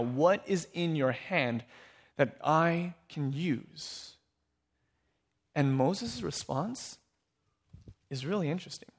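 A man preaching a sermon in an animated way, often restarting with repeated words. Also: on the high side. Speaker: pastor.

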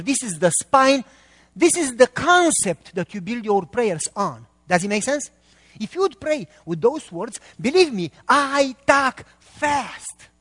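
A man's voice: very high-pitched, a bit bright, in a large hall. A middle-aged man, preaching a sermon as a pastor and quizzing the congregation with emphatic questions.

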